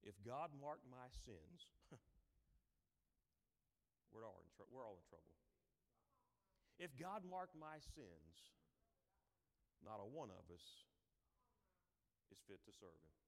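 A man preaching a Sunday sermon, acting out Bible figures in quick voices and breaking into hymn lines. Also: fairly low pitch, sing-song, creaky. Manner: dramatic, acts out Bible characters in voices. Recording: long hall reverb.

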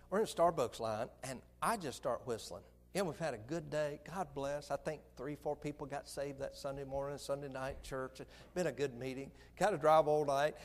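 Man, preacher, animated storyteller, fairly high voice, long echo of a hall. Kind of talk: sermon story.

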